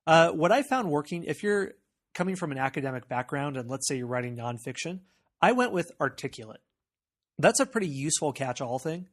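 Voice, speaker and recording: A man with a General American accent explains steps in a casual screencast tutorial. He talks in a relaxed way, often saying "uh" and "okay" as he moves through each step. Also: on the high side, brisk. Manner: conversational and explanatory, with frequent "uh" and "okay". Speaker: tutorial presenter.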